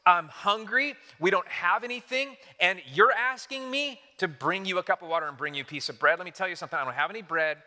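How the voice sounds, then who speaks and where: A man's voice: high voice, fast, few pauses, bright, forceful tone, big-room sound. A man voicing an exasperated starving widow. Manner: exasperated, pleading retelling.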